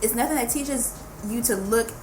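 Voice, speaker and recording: A woman's voice: on the high side, moderate pace, over music. A woman from Dallas with a Southern accent, a podcast guest who talks bluntly and emphatically and swears freely. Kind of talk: casual podcast chat. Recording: noisy studio room.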